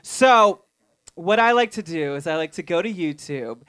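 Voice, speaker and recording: A woman's voice: fairly low pitch, lively intonation, normal speed, a bit bright, smooth. A woman hosting a live podcast show on stage, playful and giggly, often laughing at herself. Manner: playful, giggly, self-deprecating. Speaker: podcast host. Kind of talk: live podcast chat with guests. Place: small theater stage, live audience.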